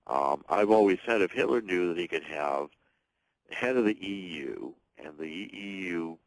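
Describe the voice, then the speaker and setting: A man with a very deep voice speaks as a radio guest, driving his points emphatically and restarting his sentences as he goes. The sound is dry and close, with no room around it. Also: animated, moderate pace, dry recording, poor audio. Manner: emphatic, talks in long runs with restarts. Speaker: guest author and political commentator. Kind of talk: talk radio interview.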